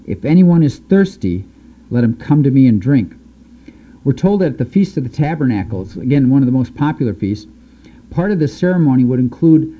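Man teaching scripture, very dark voice. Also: medium pitch. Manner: reads scripture aloud, then explains it in loose, halting talk. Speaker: Bible teacher. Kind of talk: Bible teaching. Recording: dull, lo-fi recording.

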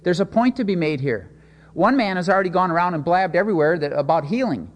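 A man's voice: high voice, fast talker. Preacher man in a reverberant hall. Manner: expressive storytelling with sudden swings in loudness. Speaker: pastor. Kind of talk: sermon.

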